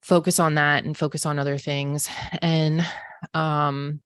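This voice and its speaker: Telling a personal story on her podcast, a psychic medium in her forties speaks in a deep, smooth voice with a level tone and an unhurried pace. She's chatty, using "like" and "um" often. The recording is dry with clean studio sound.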